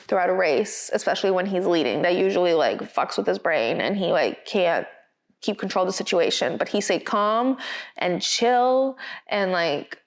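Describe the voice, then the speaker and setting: A woman's voice: lowish voice, moderate pace. Chatty woman recapping a race. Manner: chatty, expressive storytelling. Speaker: podcast co-host. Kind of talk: casual podcast race recap.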